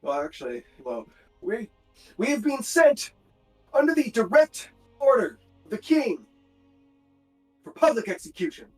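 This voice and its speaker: A man's voice: very high-pitched, sing-song, measured pace, long pauses, distant mic, soft background music, pitched above the performer's own voice, full character voice. A man voicing a stern, pompous male priest who proclaims royal decrees in a tabletop game. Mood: proclaiming.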